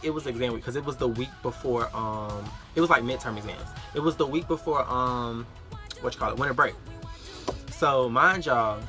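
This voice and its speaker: A young man in his late teens telling a storytime vlog, animated and acting out other people's lines. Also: mid-range voice. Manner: animated, acts out the dialogue of others. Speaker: vlogger.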